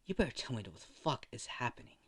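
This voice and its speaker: A man voicing a gruff, grieving old grandfather in a spoken fan story. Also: mid-range voice, sing-song, quick pace, no echo. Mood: shaken.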